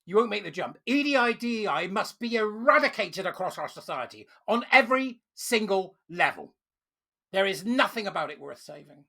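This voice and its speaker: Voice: medium pitch, sing-song, normal speed, vocal fry, pushed and bright. A furious commentator, ranting emphatically while reading out and reacting to a news story. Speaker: online commentator. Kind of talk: angry opinion rant to camera.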